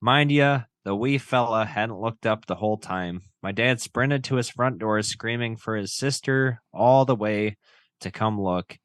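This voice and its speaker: Laid-back low-voiced male podcast host. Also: measured pace, no room sound. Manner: relaxed, joking, swears casually. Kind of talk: casual podcast chat and reading stories.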